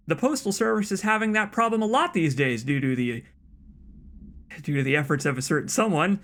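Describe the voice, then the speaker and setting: A man's voice: high-pitched, sing-song, brisk, fairly bright tone. A man hosting a let's play, giving casual, wry commentary with stammered restarts.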